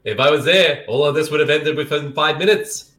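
A man co-hosting a casual movie commentary, chatty and quick to laugh. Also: fairly high pitch, a loud crowd. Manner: laughs often, chatty and jokey. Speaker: podcast co-host. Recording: echoey room.

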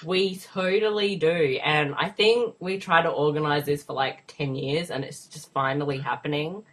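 A woman's voice: low-pitched, normal speed. A woman with an Australian accent hosting a podcast in casual, playful banter, a bit sick today. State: slightly sick. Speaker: podcast host. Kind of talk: casual chat.

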